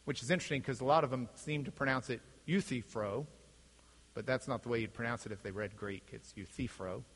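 A man's voice: mid-range voice, rapid-fire. A middle-aged man giving a classroom lecture, acting out the voices in his quotes. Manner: animated, acts out voices in quotes. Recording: echoey hall.

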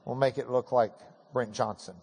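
A man teaching a Bible class, telling an animated, self-deprecating story. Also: mid-range voice, normal speed, a little hiss or hum. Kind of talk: storytelling lecture. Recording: hall with long reverb.

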